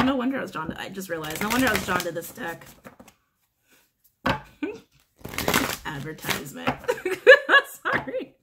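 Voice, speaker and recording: A woman giving a casual, animated tarot reading to camera, often breaking into giggles and swearing freely. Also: mid-range voice, background noise. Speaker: tarot reader.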